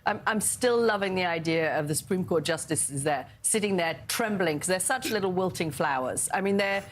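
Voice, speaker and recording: A woman's voice: fairly low pitch, normal speed, a little hiss or hum. A woman panelist offering sardonic, ironic political commentary.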